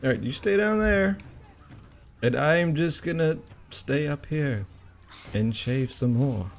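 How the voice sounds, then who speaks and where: A man talks over his own gameplay, swearing freely and yelping or groaning as things go wrong or right. His voice is gravelly, with pitch swinging widely and an unhurried pace. A faint hiss of noise sits behind him. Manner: swearing, excitable yelps and groans. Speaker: gamer commenting on his own play. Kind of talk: casual gameplay commentary.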